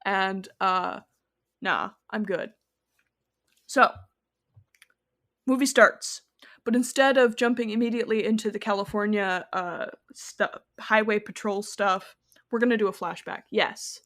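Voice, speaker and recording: A woman's voice: medium pitch, steady tone, measured pace, pauses often, a bit bright. A woman co-hosting a casual film podcast, rambling and correcting herself with many fillers. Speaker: podcast co-host.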